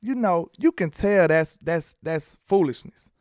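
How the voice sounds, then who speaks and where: A man with a Southern accent talks sports in a loose, playful way, reading out his chat and joking at rival fans. His voice sits a little high and smooth. The sound is dry and close. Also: measured pace, no echo. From Alabama. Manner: animated, playful, talks trash. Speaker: sports commentator. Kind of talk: casual sports talk with live chat.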